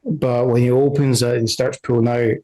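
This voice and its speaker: A man's voice: mid-range voice, flat delivery, normal speed, mellow, low-quality recording. A man running a tabletop game as game master, narrating scenes in a rambling way and correcting himself often.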